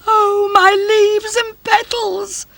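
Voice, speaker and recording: A woman voicing a chorus of proud, haughty female lilies, speaking in a shrill, snooty and scornful way. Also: wildly swooping pitch, measured pace, background noise, exaggerated voice.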